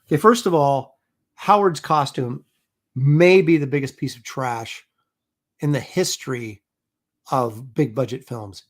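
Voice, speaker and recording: A man's voice: fairly high pitch, expressive, moderate pace. A middle-aged man talks casually on his own live stream. He rambles and mocks himself, and he fills his talk with ums and false starts. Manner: rambling, self-mocking, many fillers and restarts. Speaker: host of a live comic art stream.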